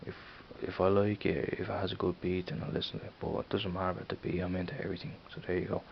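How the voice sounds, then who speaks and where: A man's voice: low-pitched, flat delivery, racing, creaky, dull audio, slight background noise. A young man with a Dublin accent chatting casually in a vlog, rambling and repeating himself, often tagging on "you know what I mean". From Ireland. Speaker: vlogger.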